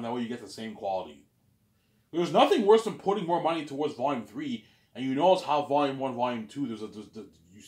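A man's voice: medium pitch, darkish tone. A man rambling through a solo monologue, listing things and saying "obviously" again and again. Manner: repeats "obviously", lists things, plays both sides of a talk. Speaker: vlogger. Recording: echoey room.

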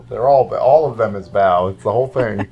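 A man's voice: on the low side, slightly rough, lo-fi sound. A man co-hosting a let's play, chatting casually and cracking absurd jokes. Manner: goofy, absurd joking. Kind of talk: casual gameplay banter.

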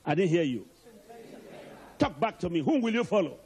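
A man's voice: sits high, big pitch swings, normal speed, a little mellow. A male archbishop preaching a sermon emphatically and calling out to the congregation.

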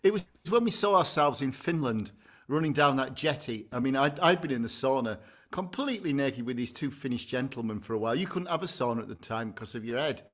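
A man's voice: mid-range voice, lively intonation, fairly quick, a bit bright. A man co-hosting an advice podcast, telling rambling, bawdy stories in casual comic chat. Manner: rambling, bawdy storytelling with bursts of laughter. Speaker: podcast co-host, agony uncle.

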